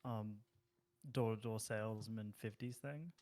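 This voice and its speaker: A woman's voice: very deep voice, unhurried, a little mellow. A woman chatting casually on a video call, drawling and laughing often. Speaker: stream co-host.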